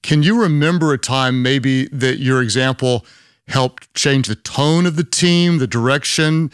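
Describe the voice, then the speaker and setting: Southern guy hosting a podcast chat, smooth clear voice, dry close sound. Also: medium pitch, measured pace, no room sound. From Oklahoma. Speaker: podcast host. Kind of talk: interview host conversation.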